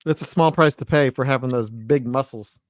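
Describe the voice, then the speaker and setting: A man co-hosting a live chat, reeling off trivia and arguing in mock outrage in an even, mid-range voice. The audio is close and dry. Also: mid-range voice, brisk, no room sound. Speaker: co-host.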